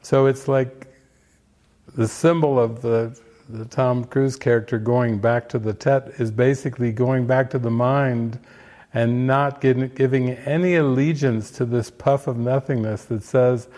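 An older man giving spiritual commentary on a film, unhurried and reflective, with frequent fillers and restarts. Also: mid-range voice, steady tone, darkish tone.

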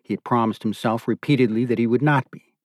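A man giving a calm, measured scripted narration of a novel. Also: medium pitch, no room sound, studio quality. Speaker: audiobook narrator.

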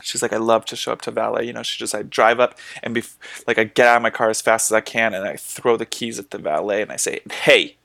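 A man's voice: lowish voice, steady tone, quick pace, creaky, few pauses, fairly bright tone, no room sound. A man co-hosting a podcast in casual chat, teasing and swearing freely. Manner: joking, profane, teasing. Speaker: podcast co-host.

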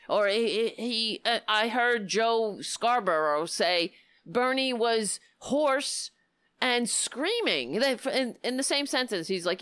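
A woman hosting a political talk show, giving impassioned, indignant commentary with a hoarse voice. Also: a little high, lively intonation, unhurried, dry recording, clean studio sound. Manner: impassioned, indignant, rising to near-shouting.

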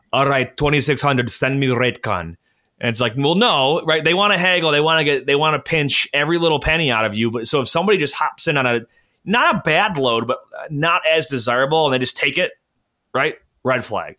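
A man's voice: medium pitch, pushed and bright. A man hosting a casual talk, explaining things in a chatty way with many fillers and little acted-out phone exchanges. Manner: chatty, lots of fillers, acts out phone calls. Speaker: podcast host. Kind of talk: casual conversational advice talk.

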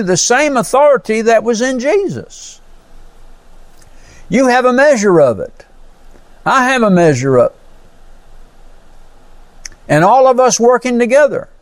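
A man's voice: high-pitched, no echo. A male pastor preaching a sermon, teaching verse by verse with frequent amens and praises. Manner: teaching Bible verse by verse, explaining Greek words.

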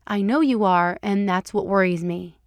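A calm, dry-humored female agent, as a woman narrator reads her, patient and gently teasing. The voice is a plain middle pitch and is recorded close and dry. It is a storybook reading with a light touch. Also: moderate pace, no room sound, lightly acted.

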